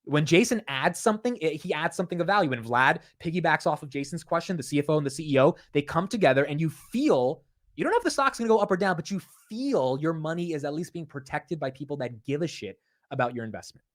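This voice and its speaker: A young man giving casual, blunt market commentary in an animated way, with frequent fillers and restarts. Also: fairly high pitch, fast talker. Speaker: investing commentator.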